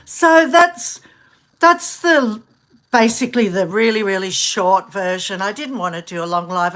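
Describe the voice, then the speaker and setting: A middle-aged woman from Australia chatting casually in a rambling, animated way, laughing often and restarting her sentences. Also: medium pitch. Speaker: vlogger. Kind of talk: casual chat.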